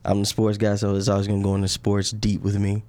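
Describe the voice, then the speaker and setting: A man's voice: lowish voice, completely flat delivery, quick pace, mellow. A man co-hosting a podcast in casual chat, laid-back and rambling, laughing often. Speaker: podcast co-host.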